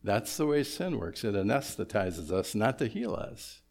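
A male pastor with a fairly low voice delivers a sermon in a church sanctuary. He talks to the congregation casually and breaks in with humorous asides. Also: expressive, moderate pace, darkish tone.

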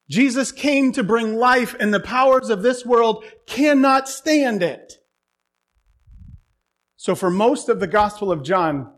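A man preaching a sermon, retelling a Bible story with humor and irony. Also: very high-pitched.

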